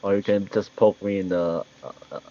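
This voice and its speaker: A man's voice: low voice, fairly even intonation, fairly quick, dark tone, dull audio. A man playing in a tabletop game over voice chat, talking casually and stammering through restarts. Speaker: player. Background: game soundtrack music.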